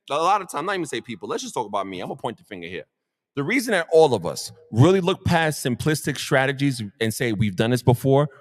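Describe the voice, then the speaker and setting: A man hosting a live motivational stream, speaking at a middling pitch. His voice carries a long, hall-like reverb. He talks in an animated, preaching way and circles back to the same lines for emphasis. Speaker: motivational show host. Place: Brooklyn area.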